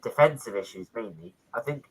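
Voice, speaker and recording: A man's voice: lowish voice, lively intonation, fairly quick, breathy edge, rough recording. A man on a football panel, rambling casually with cheeky banter.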